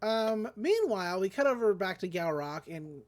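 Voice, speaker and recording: A woman chats through an episode recap with an animated, swooping delivery. She swears casually and jumps into quick voices for the characters. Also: medium pitch. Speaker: podcast co-host.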